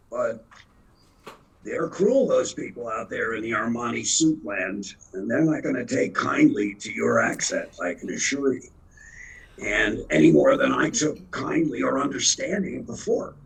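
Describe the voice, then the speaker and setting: A man's voice: mid-range voice, sing-song, unhurried, vocal fry, breathy edge, rough recording. A man in his seventies, an actor telling rambling, self-deprecating anecdotes in an interview. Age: 70s. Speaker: actor and guest. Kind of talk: storytelling interview.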